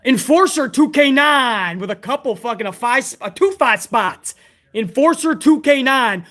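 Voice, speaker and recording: Stream host: man, hoarse, very high and bright, excitable, swears freely while reading fan messages. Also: measured pace. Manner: profane, excitable, chummy. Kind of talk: casual livestream commentary, reading fan messages.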